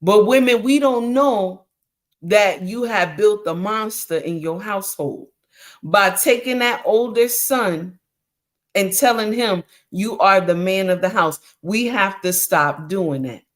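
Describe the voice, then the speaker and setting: A woman's voice: medium pitch, animated, slow. A middle-aged woman hosting a livestream, giving preachy relationship advice with emphatic repetition, often calling listeners honey and mama. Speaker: livestream host.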